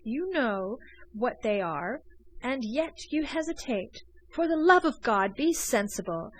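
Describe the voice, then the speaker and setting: A woman puts on an excitable young gentleman smuggler in a storybook reading. His voice sits somewhat high, and he presses his case with urgent, pleading energy. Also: takes it slowly, dry recording, rough recording.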